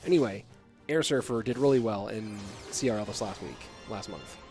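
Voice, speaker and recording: An American man casting an esports match alone, talking quietly and musing aloud as he reads chat. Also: fairly low pitch, expressive, normal speed, faint music behind. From USA. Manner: quiet, subdued delivery to keep from waking a child; casual, musing, asks himself questions aloud. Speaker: esports caster. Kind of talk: solo esports commentary with chat reading.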